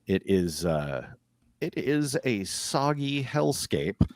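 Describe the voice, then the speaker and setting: A man narrating as game master in a tabletop game, describing scenes in an unhurried way with frequent fillers. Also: mid-range voice, big pitch swings, darkish tone, no room sound, clean studio sound.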